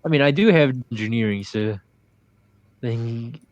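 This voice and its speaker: A man's voice: mid-range voice, a little slow, highs cut off. A man playing a tabletop game, talking in a hesitant, dry, understated way. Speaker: player. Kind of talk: casual tabletop game play.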